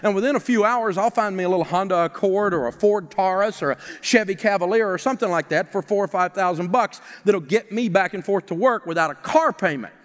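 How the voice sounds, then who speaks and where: High-voiced man lecturing a seminar crowd. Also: brisk, hardly any pauses. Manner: animated and mocking, with rhetorical questions and whiny put-on voices. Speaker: financial seminar speaker and radio host. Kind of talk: live seminar talk to an audience. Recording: long reverb of a large hall.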